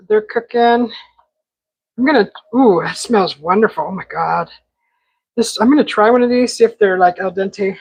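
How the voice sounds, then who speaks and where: A woman with a medium-pitched, somewhat dark voice hosts a live cooking stream from her home kitchen, and the audio is lo-fi. She chats casually and talks to the food as she cooks.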